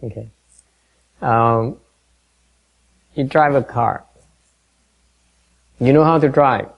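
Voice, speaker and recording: A man giving a dharma talk to a meditation class, halting and full of fillers, quizzing and gently teasing his listeners. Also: mid-range voice, creaky, dull audio. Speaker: meditation teacher.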